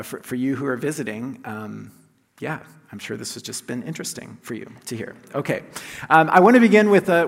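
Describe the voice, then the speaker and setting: Casting: male pastor, mid-pitched voice, relaxed storytelling sermon, big church with long echo. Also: creaky. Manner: conversational and self-deprecating, with restarts and laughs. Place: church sanctuary. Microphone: handheld or lapel mic, checked aloud. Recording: long reverb of a large hall.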